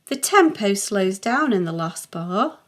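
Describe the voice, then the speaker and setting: A woman's voice: mid-range voice, big pitch swings, a little slow. A middle-aged woman, a music theory teacher talking through a worked exercise patiently and thinking aloud as she writes. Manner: patient, thinking aloud, sings short note sounds.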